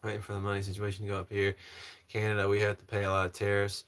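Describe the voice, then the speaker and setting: This livestream host, a young man from North Carolina, USA, speaks with a Southern American accent and responds to chat comments in a polished presenter voice during a casual stream. His lowish, slightly bright voice is completely flat in delivery and rapid-fire.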